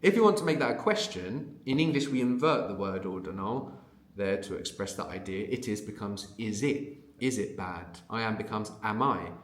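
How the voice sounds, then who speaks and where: In this unscripted audio language lesson, the male teacher explains patiently and conversationally, regularly asking "no?" to check understanding. He has a lowish voice with lively intonation and a moderate pace, recorded in a roomy-sounding space.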